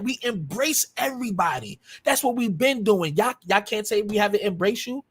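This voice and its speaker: A man's voice: sits high, lively intonation, normal speed, a bit bright, husky. A man hosting a livestream and speaking in a heated, combative way. He swears freely and hammers his points home by repeating them. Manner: combative, profane, repetitive. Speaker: live stream host.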